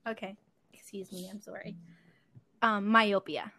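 A woman in a casual spelling bee with friends, soft-spoken and spelling letters quietly. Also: medium pitch, little pitch movement, measured pace. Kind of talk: casual chat among friends.

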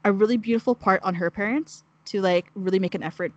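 A woman's voice: mid-range voice, fast talker, no room sound, dull audio. A young woman telling a heartfelt story in casual chat, rambling with many "like"s. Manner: rambling, heavy use of "like", emotional storytelling. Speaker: guest sharing a mission story.

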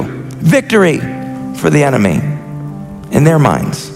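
Earnest gravelly-voiced pastor in reverberant hall. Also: male voice, fairly high pitch, expressive, moderate pace. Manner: earnest and impassioned, with many restarts. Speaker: senior pastor. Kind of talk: sermon. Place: church sanctuary. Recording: reverberant church hall with faint music.

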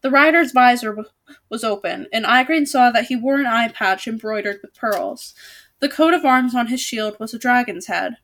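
A woman reading a storybook aloud with a fairly high voice. She keeps it relaxed and unpolished, correcting her slips as she goes. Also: normal speed. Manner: casual asides, self-corrections. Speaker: storybook reader. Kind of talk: reading a children's novel aloud.

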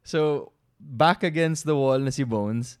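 Casual male co-host with a Filipino accent, lively storyteller. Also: mid-range voice, takes it slowly, clean tone. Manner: animated storyteller, switches languages mid-sentence. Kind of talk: casual couple chat.

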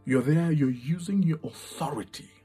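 A man preaching an impassioned sermon, repeating his phrases and dropping to a hush at times. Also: a little high, normal speed, soft background music. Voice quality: very husky.

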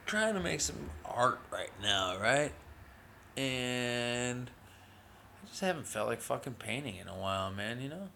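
A man rambles through a loose monologue on his own show, drawling and laid-back, with a gravelly edge to his voice. He swears freely and tacks "man" onto almost every line. A faint noise sits under the recording. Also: medium pitch, very animated, a little slow, pushed and bright. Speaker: podcast host.

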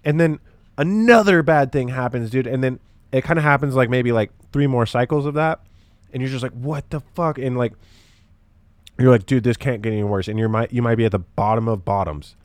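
A young man hosts a casual solo podcast, rambling and swearing with plenty of fillers. His mid-range voice is brisk, with no room sound.

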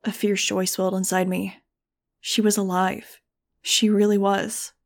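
Woman, audiobook narration, first person, monotone delivery, earnest. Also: medium pitch, a little slow, vocal fry. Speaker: audiobook reader.

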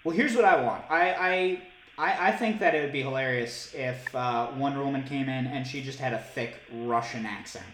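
A man co-hosting a casual comedy podcast, animated and jokey, often slipping into loud silly voices. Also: medium pitch, moderate pace. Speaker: podcast co-host. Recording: echoey room with background noise.

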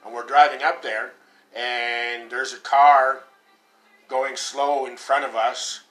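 Bright-voiced middle-aged guy, cussing a lot, rambly podcast chat, echoey room. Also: medium pitch, flat delivery, slow pace, faint music behind. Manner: profane, rambling storyteller. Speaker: podcast co-host. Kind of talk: crude casual chat. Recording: echoey room with faint noise.

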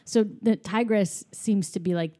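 Woman, casual movie recap, mellow warm tone, animated storytelling. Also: medium pitch, measured pace. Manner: animated retelling, voicing characters playfully.

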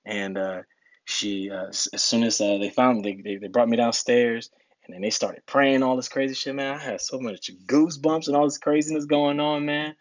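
A man's voice: mid-range voice, fairly even intonation, normal speed, dry recording, lo-fi sound. A young man from New Jersey, a podcast guest telling stories in a laid-back way, laughing often. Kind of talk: casual storytelling.

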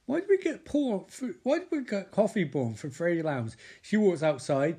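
A man's voice: high-pitched, big pitch swings, normal speed, dark tone, breathy edge. A man giving a sweary, rambling comedic recap of a TV episode, mocking the characters in put-on voices.

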